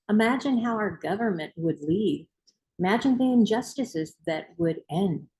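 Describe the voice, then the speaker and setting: A woman's voice: medium pitch, darkish tone, rough recording. A woman hosting a book club, reading aloud and giving an emphatic, rousing motivational talk.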